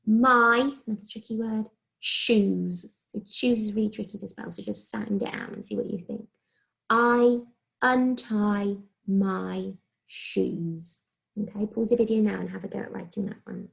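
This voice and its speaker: A woman with an English accent, a primary school teacher giving a recorded phonics lesson to young children, speaking slowly and clearly as she sounds out letters. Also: mid-range voice, animated, a bit bright. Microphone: recorded video lesson.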